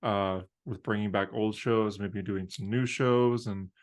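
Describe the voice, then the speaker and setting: A man's voice: lowish voice, fairly even intonation, unhurried. A young man co-hosting a casual podcast over a video call, rambling and laughing often. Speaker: podcast co-host. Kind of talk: casual chat.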